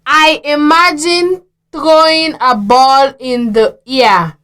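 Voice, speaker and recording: A woman with a Sierra Leonean accent modelling student answers in a radio reading lesson, slowly repeating words back. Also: high voice, steady tone, a bit bright. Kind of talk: scripted classroom responses.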